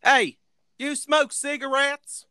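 A man voicing a loud Southern woman with a Southern US accent, drawling and cheery as she asks about cigarettes. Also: extremely high pitch, little pitch movement, takes it slowly, no room sound, studio quality, pitched above the performer's own voice, heavily acted. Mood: drawling, friendly.

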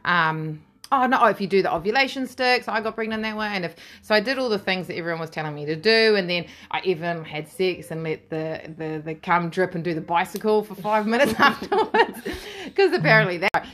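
A woman's voice: mid-range voice, brisk, fairly bright tone. Frank, laughing New Zealand woman. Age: 30s. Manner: frank and laughing, swears freely. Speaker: interview guest. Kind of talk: candid storytelling.

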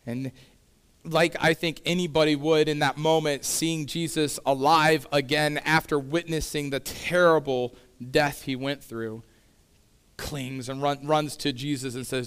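Male pastor, fairly high and smooth voice, chatty sermon delivery with asides. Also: steady tone, unhurried, a bit bright. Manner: conversational preaching with casual asides.

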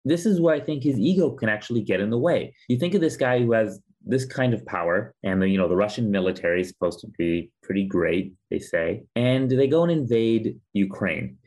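A man hosting a podcast, talking through a topic in a steady, explanatory way. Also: fairly low pitch, fairly quick, hardly any pauses. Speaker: podcast host. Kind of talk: casual chat.

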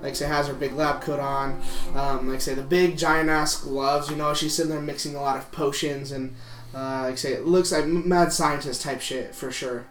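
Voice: medium pitch, steady tone, moderate pace. A game master narrates a tabletop game in a loose, rambling way with many fillers. The voice sounds distant and echoey, with music playing behind.

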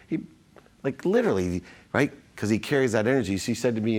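Low-voiced man telling stories. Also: fast. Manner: animated, acts out quotes, frequent restarts. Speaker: guest. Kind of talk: casual storytelling in a conversation.

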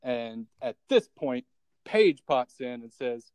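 A man's voice: medium pitch, big pitch swings, slow pace, a little mellow, smooth, no room sound, low-quality recording. A man co-hosting a casual comedy podcast, recapping a TV episode, often laughing and swearing.

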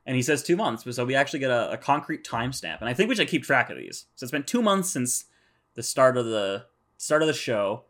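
A man's voice: mid-range voice, big pitch swings, a little fast, a bit bright. A man co-hosting a casual podcast, recapping episodes with nerdy attention to detail. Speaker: podcast co-host.

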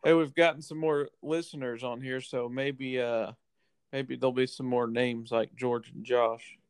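A man's voice: medium pitch, little pitch movement, measured pace, clear, resonant tone, no echo. A man co-hosting a podcast in casual chat, laid-back and full of fillers and restarts. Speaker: podcast co-host.

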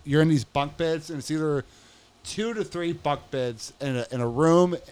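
A young man with a smooth, resonant voice that sits a little high, telling a long, rambling story in casual conversation. He swears freely and acts out the dialogue of the people in it. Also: normal speed, darkish tone. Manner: profane, rambling, re-enacts quoted dialogue.

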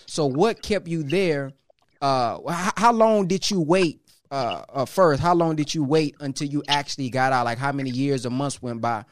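A man's voice: fairly high pitch, normal speed, no echo. Probing male interviewer, dry sound. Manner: probing, rambling questions. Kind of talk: interview questions.

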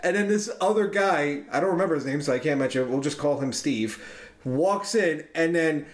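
Fairly quick, with a slightly high voice and lively intonation, this man is a podcast co-host telling friends a long, rambling tale. He keeps it loose and chatty with plenty of profanity, recorded in a room with echo.

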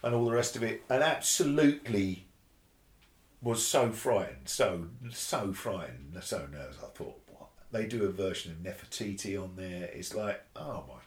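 A man, a bass player telling a story in a casual interview, animated and swearing freely, acting out the voices of others. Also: normal speed. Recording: roomy echo.

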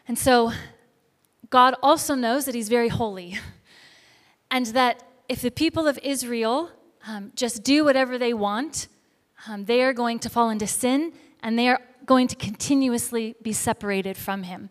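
A woman preacher delivering a sermon, telling a story in a lively, animated way and acting out the voices of the people in it. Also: a little high, moderate pace. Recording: echoey hall reverb.

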